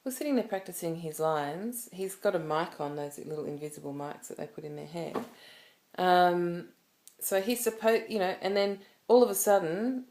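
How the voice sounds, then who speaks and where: A woman's voice: lowish voice, darkish tone. A woman talking to camera in a personal vlog, telling a story in a rambling, emotional way with many restarts. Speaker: vlogger.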